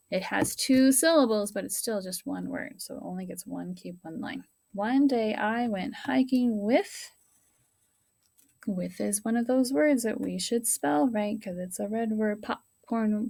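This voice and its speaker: A woman teacher modeling a writing lesson for young children, talking slowly and sounding out words and counting aloud. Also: medium pitch, vocal fry, warm tone, no room sound.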